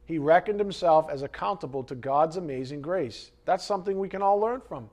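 Animated, joking male preacher. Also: on the high side, brisk. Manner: animated, swings from loud emphasis to quiet asides. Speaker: pastor. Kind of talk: sermon.

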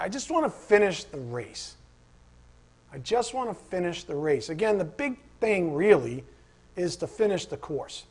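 A higher-pitched man with a husky, slightly breathy voice preaches to his congregation. He tells animated stories, acts out little asides and fires rhetorical questions between Scripture readings. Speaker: pastor. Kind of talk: sermon.

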